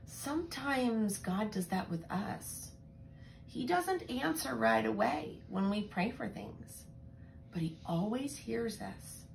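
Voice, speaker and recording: A woman telling a Bible story to young children in a gentle, expressive way, often asking them questions. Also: mid-range voice. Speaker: children's Sabbath school teacher.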